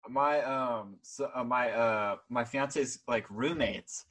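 A man's voice: medium pitch, takes it slowly, fairly bright tone, low-quality recording. A young man hosting a casual interview, rambling and heavy on "like" and "um". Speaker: podcast host.

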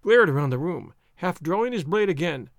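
Expressive man reading a classic adventure. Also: fairly high pitch, normal speed, creaky, no echo, clean studio sound. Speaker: audiobook narrator. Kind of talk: audiobook reading.

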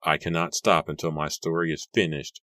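A grave, earnest young man who speaks with steady intensity, as a male reader voices him. His voice is very deep and the recording dry and close. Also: normal speed, dry recording. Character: earnest young man seeking to end a feud.

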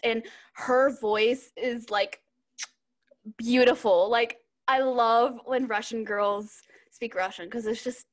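A young woman with a notably high voice chats casually as a podcast co-host. She rambles, giggles and leans on fillers as she talks. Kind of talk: casual chat.

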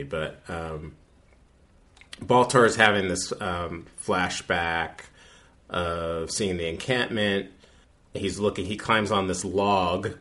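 A man's voice: deep voice, fairly bright tone. A man co-hosting a podcast, recapping an episode in a rambling, casual way with many fillers and restarts. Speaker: podcast co-host.

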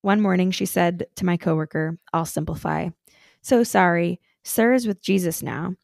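A young woman with a low, gravelly voice co-hosts a casual podcast, reading listener stories and chatting in a laid-back way. The sound is dry and close, with no room around it. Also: normal speed, darkish tone, dry recording. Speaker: podcast co-host.

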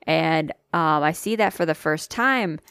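A woman's voice: low voice, unhurried, vocal fry, fairly bright tone, smooth, no room sound. A woman co-hosting a casual podcast, telling stories with frequent swearing and tired, laughing asides. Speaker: podcast co-host. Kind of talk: casual chat, storytelling.

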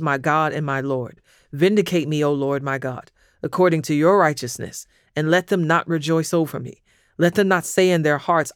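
A man giving a scripted Bible reading in a measured, even, solemn delivery. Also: a little high, clean tone, no echo, clean studio sound. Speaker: scripture reader.

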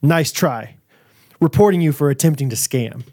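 A man on a casual podcast, telling a story and laughing often as he acts out the lines of the people in it. His voice sits a bit high for a man. He keeps it loose and chatty. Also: expressive, normal speed, darkish tone, dry recording, studio quality. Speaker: podcast co-host. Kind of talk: casual chat.

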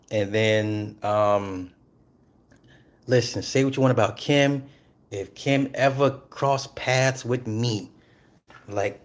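A man ranting casually and profanely about celebrity gossip, animated and breaking into laughs. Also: mid-range voice, slow pace. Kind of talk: casual rant.

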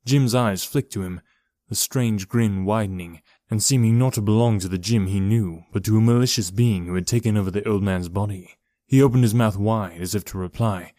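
A man giving a steady, measured reading of a horror story as narrator. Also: fairly low pitch, no echo, studio quality. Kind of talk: scripted horror audiobook narration.

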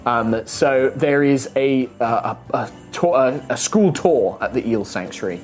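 A game master narrating a tabletop game, animated and chatty with lots of fillers. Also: mid-range voice, a little slow, soft background music. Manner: animated, laughing, full of fillers.

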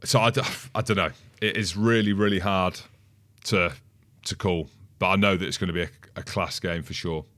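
A man's voice: low-pitched, fairly even intonation, moderate pace, a bit bright, dry recording. A man co-hosting a casual sports podcast, thinking aloud and rambling through his points. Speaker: podcast co-host, pundit.

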